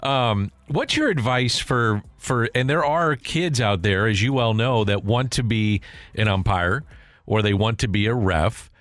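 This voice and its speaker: A man's voice: medium pitch, lively intonation, unhurried, fairly bright tone, no echo. A man hosting a sports radio show in the studio, asking his guest questions in a conversational way. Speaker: radio host.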